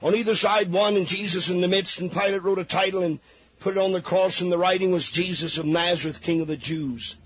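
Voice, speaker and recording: A man's voice: sits high, steady tone, brisk, slightly rough. A man preaching a fervent sermon, reading scripture aloud and pleading with his listeners.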